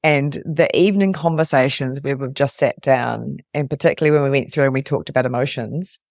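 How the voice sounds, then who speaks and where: A woman's voice: extremely low pitch, a little fast, vocal fry, a little mellow, no room sound, clean studio sound. A woman who hosts an interview podcast and works as a resilience coach, speaking in an earnest, reflective way. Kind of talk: interview conversation.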